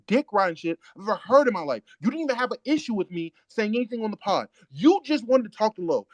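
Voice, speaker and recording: A man's voice: high-pitched, no echo. Profane blunt man hosting an audio chat. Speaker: host of the audio chat room. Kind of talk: heated live audio chat argument.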